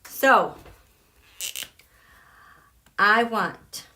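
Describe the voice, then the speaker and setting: A woman's voice: medium pitch, animated, bright, forceful tone. A woman hosting a live tarot stream, chatting casually with viewers and reading their comments aloud. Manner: chatty, reads viewer comments aloud, recites quotes slowly.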